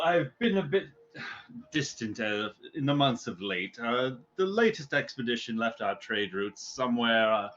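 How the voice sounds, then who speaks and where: A man voicing a courtly, well-traveled gentleman doctor who speaks in a flowery, formal and deliberate way. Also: medium pitch. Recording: slightly muffled stream audio.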